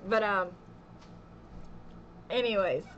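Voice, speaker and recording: A woman's voice: medium pitch, a bit bright, lo-fi sound, slight background noise. A young woman telling a story in a casual vlog at home, chatty and laughing often, with "okay" again and again. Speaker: vlogger.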